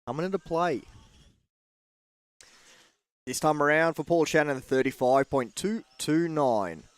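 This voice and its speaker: A man's voice: medium pitch, no echo. Man calling race laps, dry close sound. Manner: steady, informative calling of laps and gaps. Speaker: race commentator. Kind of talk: play-by-play race commentary.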